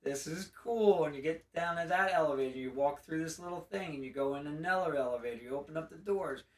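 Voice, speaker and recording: A man co-hosting a casual gaming chat, recapping a game with animated storytelling and funny put-on character voices. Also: fairly high pitch, fast, reverberant, far from the mic. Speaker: podcast co-host.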